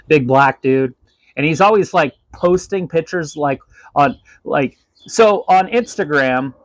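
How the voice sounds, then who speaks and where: A man's voice: medium pitch, low-quality recording. A man talking casually in a counseling session. He rambles, stumbles over his words, restarts sentences and laughs often. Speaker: counseling client and live streamer.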